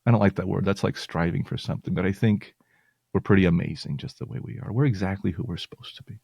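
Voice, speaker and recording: A man's voice: deep voice, quick pace, creaky, a little mellow, slightly rough, no room sound. A male podcast host talking earnestly and reassuringly to his listeners, at times getting emotional. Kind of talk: heartfelt personal talk to listeners.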